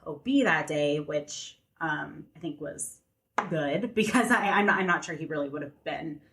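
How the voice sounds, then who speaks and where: A woman's voice: low voice, moderate pace, a bit bright. A young adult woman, a podcast guest, telling a personal story candidly in conversation, filling her speech with "like" and "you know.".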